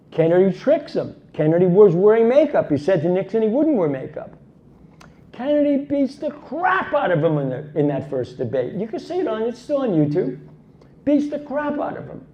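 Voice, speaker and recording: Animated high-pitched male storyteller. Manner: animated, emphatic, punctuated with rhetorical asides. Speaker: conference speaker. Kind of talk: dramatic storytelling talk. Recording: dull lo-fi recording.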